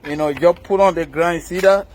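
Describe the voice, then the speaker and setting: A man with a fairly high voice walks a listener through using a farm tool. He speaks outdoors in a coaxing, repetitive way, pointing out each step. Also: steady tone, fast, darkish tone. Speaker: farm demonstrator. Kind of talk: hands-on demonstration.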